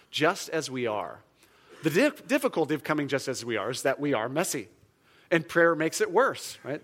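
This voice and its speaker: A man preaching with a fairly high voice, in an easy, conversational manner. He talks with lots of fillers and restarts, and his voice leaps up in pitch and volume when he stresses a point. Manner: animated, jumps up in pitch and volume for emphasis. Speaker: pastor. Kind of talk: sermon.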